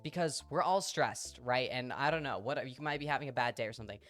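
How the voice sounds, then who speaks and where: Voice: medium pitch, fast, fairly bright tone, faint music behind. A streamer telling a story in casual chat on a live stream, chatty and swearing freely.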